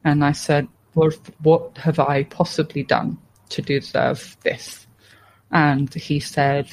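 A woman speaks candidly as a podcast guest, her voice gravelly and her delivery notably even. She tells her story in a frank, steady way. A faint background hum sits under her voice. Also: sits low, slow, low-quality recording. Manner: frank and steady, with plain swearing and restarts.

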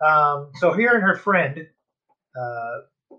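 A man's voice: a little high, lively intonation, takes it slowly, lo-fi sound. A man co-hosting a podcast, chatting casually and explaining at length. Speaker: podcast co-host. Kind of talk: casual chat.

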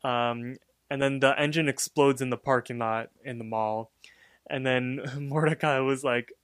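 A man's voice: medium pitch, fairly even intonation, unhurried, fairly bright tone, clear, resonant tone, no echo, studio quality. A man co-hosting a podcast, casually retelling a cartoon episode in a rambling way, full of fillers. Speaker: podcast co-host.

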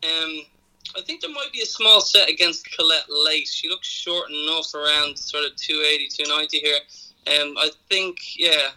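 A man's voice: a little high, moderate pace, bright, forceful tone, poor audio. A man with an Irish accent, calling into a radio show to run through his racing tips in a hesitant, methodical way. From Ireland. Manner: hesitant, with many ums, talks through form methodically. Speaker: caller giving racing tips.

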